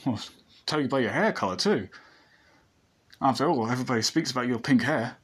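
A friendly, curious pink-haired schoolgirl, as a man reading a fan story puts her on. She speaks hesitantly, stumbles over words, and sits a little above a husky male reader's pitch. The voice stays close to everyday speech. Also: a little fast, fairly bright tone.

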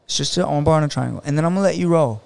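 A man's voice: on the high side, rapid-fire, creaky. A man, a jiu-jitsu coach, talking casually on a podcast and telling stories animatedly, acting out what other people say. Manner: animated storytelling, acts out other people's words.

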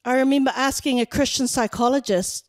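A woman's voice: high voice, a little fast, dry recording. A middle-aged woman pastor, preaching a sermon in a conversational, story-telling manner.

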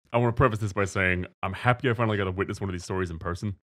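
A man's voice: fairly low pitch, very fast, fairly bright tone. A man co-hosting a studio podcast, telling a story casually, acting out voices and swearing freely. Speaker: podcast co-host. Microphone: studio mic.

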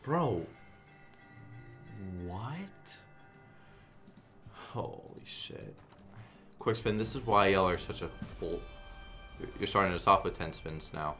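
A man commenting casually on a slot game stream, swearing a lot and swinging between flat muttering and loud outbursts. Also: low voice, moderate pace, faint music behind.

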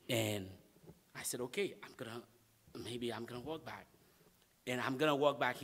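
A man, a pastor, telling a personal story in a sermon and acting out the conversations. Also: medium pitch. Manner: animated storyteller, acts out dialogue, repeats 'man'.

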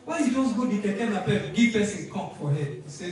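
A man's voice: high voice, lively intonation, brisk, very noisy. A Nigerian man hosting an event, telling comic stories to a crowd and switching into pidgin and Yoruba as he goes. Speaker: event host. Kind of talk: comedic storytelling to a crowd. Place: event hall. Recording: echoey hall from far off.

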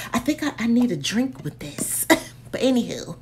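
Lively woman reviewer who drifts into whispers. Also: mid-range voice, moderate pace, vocal fry, slight background noise. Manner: chatty and playful, often dropping to a whisper. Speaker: candle reviewer vlogger. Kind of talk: casual chat.

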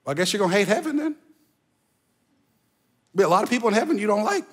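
A man preaching a sermon as pastor, animated, slowing down to stress key phrases and slipping into mock voices. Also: sits high, breathy edge. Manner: slows down for emphasis on key phrases. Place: church sanctuary.

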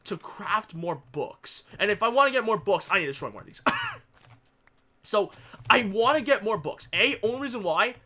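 A man's voice: high-pitched, expressive, moderate pace, bright, forceful tone. A young man commentating his own game, jittery and panicky, repeating phrases and yelping. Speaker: gaming YouTuber. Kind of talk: Let's Play commentary.

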